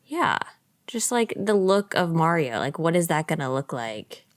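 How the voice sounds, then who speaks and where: A woman co-hosting a casual gaming podcast, playful and giggly, reading news items in a relaxed way. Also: low voice, a little slow, dry recording, studio quality. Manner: playful, laughs between remarks, reads news casually. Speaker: podcast co-host. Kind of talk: casual chat.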